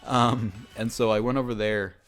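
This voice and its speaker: A young man with a deep voice, chatting casually over a let's-play and telling a story, rambling with many fillers and restarts. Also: little pitch movement, moderate pace, fairly bright tone. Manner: rambling, self-interrupting, lots of fillers and restarts. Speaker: gaming YouTuber. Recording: faint background game music.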